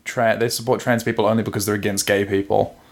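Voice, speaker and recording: A man's voice: fairly low pitch, level tone, quick pace. A man co-hosting a podcast, chatting casually about a manga, joking and laughing often. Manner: jokey, laughs often, retells scenes in voices. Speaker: podcast co-host.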